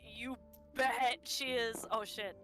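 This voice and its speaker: A woman playing in a tabletop game, describing her character in a giggly, animated way. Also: a little high, takes it slowly, faint music behind. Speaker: player.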